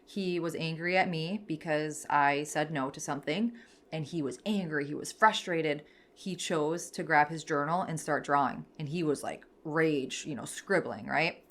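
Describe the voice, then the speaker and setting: A woman in her thirties, a podcast host and therapist, teaching in an earnest, gentle way with many fillers. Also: deep voice, moderate pace.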